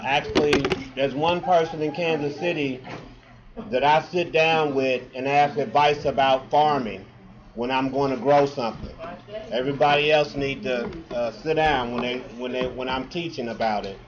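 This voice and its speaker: A man emceeing a community gathering, introducing the next guest in a loose, easygoing way with frequent uhs. His voice sits at a middle pitch. The sound is dull and lo-fi, with a crowd audible behind him. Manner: casual, with filler uhs. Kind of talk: event announcement.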